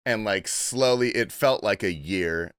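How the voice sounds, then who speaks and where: A man hosting a podcast, telling a story in animated, laughing, profane casual chat. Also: on the low side, unhurried, clean tone, dry recording, clean studio sound. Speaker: podcast host.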